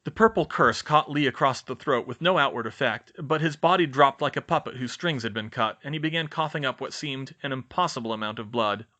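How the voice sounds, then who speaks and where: A man narrating a fan fiction audiobook in a lively, expressive reading. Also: medium pitch, brisk, hardly any pauses, muffled recording. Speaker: audiobook reader.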